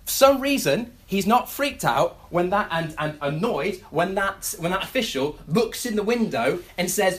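A preacher delivering a sermon in an animated storytelling way, with frequent restarts and quick acted-out asides. The voice sits at a middle pitch but swings widely up and down as the stories unfold. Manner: acts out everyday scenes in quick asides.

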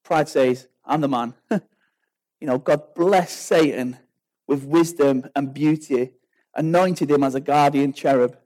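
A male pastor preaching a sermon to his congregation, lively and jokey, often laughing and acting out asides. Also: a little high, takes it slowly, poor audio. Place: church hall with a congregation.

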